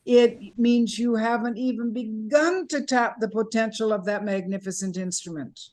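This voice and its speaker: Woman from Canada, voice coach, lively online workshop leader demonstrating breath and sounds. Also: a little high, normal speed. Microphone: video call.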